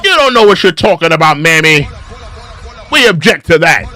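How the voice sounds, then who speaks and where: A man's voice: on the high side, very animated, normal speed, bright, forceful tone. A man hosting an opinion show, giving critical commentary on clips and repeating his phrases for emphasis.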